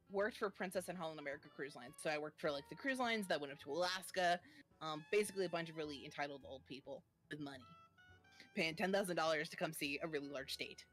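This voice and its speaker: A young woman in her twenties with a lowish voice, telling a story casually and stopping often on "um." Faint music plays underneath her. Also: brisk, long pauses, fairly bright tone. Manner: chatty, lots of fillers. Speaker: streamer guest.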